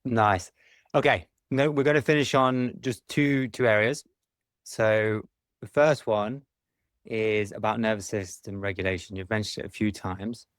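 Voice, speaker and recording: A man hosting a podcast interview, speaking briskly and offering frequent short affirmations. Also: on the low side, fairly even intonation, no echo, studio quality. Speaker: podcast host.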